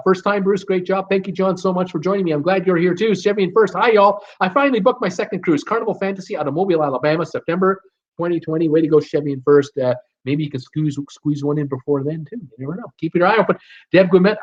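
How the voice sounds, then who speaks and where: Male live stream host, slightly higher voice, chatty and joking, lo-fi dull sound. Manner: chatty, reads out viewer names and comments, jokes around. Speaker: live stream host reading viewer chat. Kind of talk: casual live chat.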